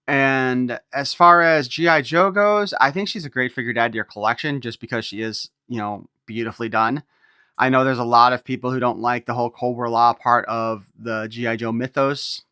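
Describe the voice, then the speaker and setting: A man's voice: mid-range voice, pushed and bright, smooth, no room sound, clean studio sound. A man giving a casual toy unboxing review, reading a file card aloud and breaking off for irreverent wisecracks.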